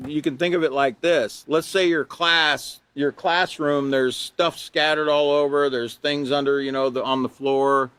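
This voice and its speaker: A man's voice: mid-range voice, fairly bright tone, dry recording. A man in his sixties giving a live online class lecture on character education, folksy and rambling with chuckles and asides, and emphatic when he stresses rules.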